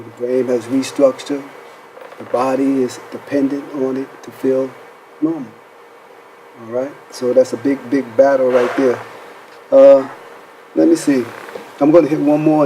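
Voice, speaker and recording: A man's voice: mid-range voice, fairly even intonation, moderate pace, mellow, slight background noise, low-quality recording. A man hosting a faith-based counseling talk show, asking rhetorical questions and checking in with "right?" as he speaks. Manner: preacherly, rhetorical questions, says "right?" often.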